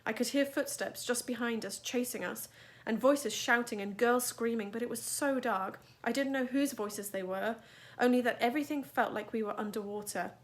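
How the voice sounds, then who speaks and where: A woman teacher reading a novel aloud in a steady, even narration. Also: on the high side, moderate pace.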